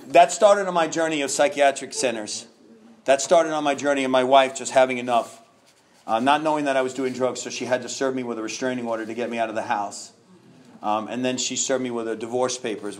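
A man from Miami telling his recovery story at a conference, animated and self-mocking, with many restarts. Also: medium pitch, slight background noise. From Miami, Florida. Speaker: recovery speaker. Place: conference hall.

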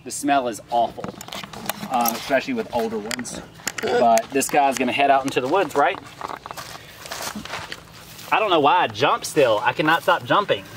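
A man's voice: medium pitch, normal speed, background noise. A man filming a casual farm vlog outdoors, chatting in a laid-back way while handling a snake. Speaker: farm vlogger.

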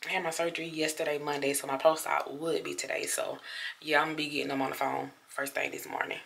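Woman vlogger, sore after surgery, low pitch, gravelly edge, chatty talk to camera. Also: level tone, fast talker, fairly bright tone. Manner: chatty, talks straight to viewers as y'all. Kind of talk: casual vlog talk to camera. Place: hotel room, indoors.

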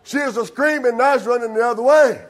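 High-voiced pastor preaching. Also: male voice, fast talker. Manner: fervent preaching, calls out congregants by name; drawling with frequent "uh" and "amen". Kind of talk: sermon. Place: church sanctuary.

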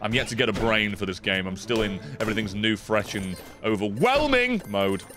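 Excitable sweary man gaming. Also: fairly low pitch, normal speed, over music. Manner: excitable and sweary, swinging between mutters and yelps. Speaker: streamer playing a video game. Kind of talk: casual gameplay commentary.

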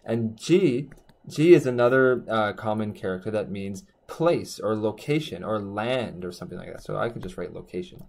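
A man teaching a language lesson in a chatty, loose way, correcting himself and slowing down on words while he writes. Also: lowish voice, gravelly, darkish tone. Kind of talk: casual explainer lesson. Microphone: desk mic while drawing on a tablet.

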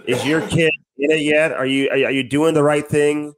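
Pitched on the high side with fairly even intonation, his voice moves at a normal speed. He co-hosts a podcast, reading sponsor ads and chatting loosely, frequently adding "man" in his breezy manner.

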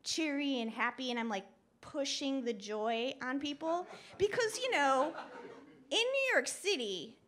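A woman telling a story on stage at a live show, chatty and animated, laughing often and using lots of "like" and "you know". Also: sits high, a little slow. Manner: laughs often while talking. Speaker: guest speaker. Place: live show at a club venue.

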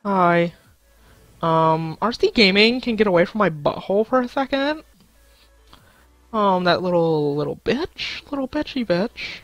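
Goofy young man streaming a game, slow talk. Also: sits high, animated, fairly bright tone, no room sound, lo-fi sound, soft background music. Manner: goofy, crude, talks to himself and chat, sudden silly outbursts and sing-song bits. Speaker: gaming streamer. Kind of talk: casual live-stream commentary.

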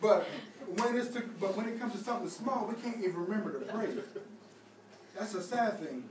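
A young man who works as a youth leader preaches in a church hall, his voice sitting high and moving fairly quickly. The sermon is casual and conversational, with lots of fillers, and it was taped from far off in the echoey hall with noise.

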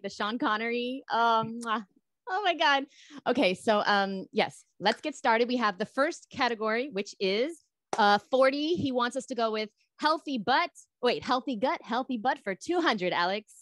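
A woman hosting a casual quiz chat, excitable and quick to exclaim. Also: on the high side, dry recording, studio quality. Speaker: show host.

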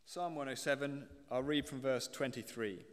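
A man's voice: mid-range voice, normal speed. British man preaching in a reverberant church. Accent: British English. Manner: explains and reads scripture aloud to the congregation. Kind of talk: sermon.

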